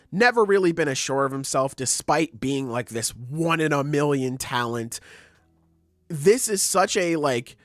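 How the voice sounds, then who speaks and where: A man's voice: on the high side, no echo, studio quality. A young man co-hosting a podcast, talking casually and animatedly, acting out character quotes and saying "like" a lot. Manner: animated, acts out quotes in voices, says like a lot. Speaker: podcast co-host. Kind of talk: casual chat.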